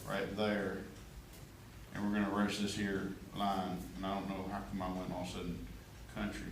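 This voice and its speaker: Guy teaching art, chatty and jokey, lowish voice, echoey classroom picked up from across the room. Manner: chatty, joking, checks in with the class. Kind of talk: classroom drawing demonstration. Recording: echoey classroom from far off, faint room noise.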